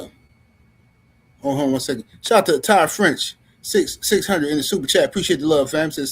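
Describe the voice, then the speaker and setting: Man, live stream host, heated boxing rant, slangy, husky, high-pitched. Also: normal speed. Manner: heated, slangy, talks straight at the viewers.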